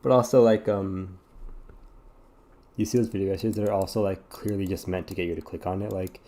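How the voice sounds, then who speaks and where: A man's voice: low voice, steady tone, a little fast, warm tone. A sleepy man chatting casually while playing a puzzle game, rambling, apologetic and swearing often. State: yawning, sleepy. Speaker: gaming streamer.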